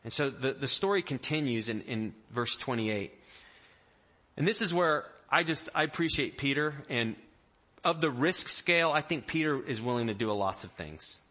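A pastor preaching a sermon, telling the story in an animated way and acting out the people in it. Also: male voice, mid-range voice, normal speed. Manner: animated storyteller, acting out quotes in varied voices.

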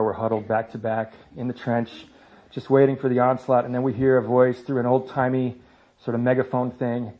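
A man in his thirties speaking to a church congregation about parenting, in a conversational way with self-mocking humor. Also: mid-range voice. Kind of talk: church talk. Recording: slightly dull lo-fi sound.

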